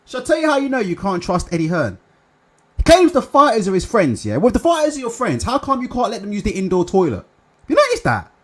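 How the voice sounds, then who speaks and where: Animated man ranting on a stream. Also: high-pitched, fast talker. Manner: swearing, rambling, fillers like "innit" and "yeah". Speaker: live stream host. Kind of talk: casual live chat reading comments.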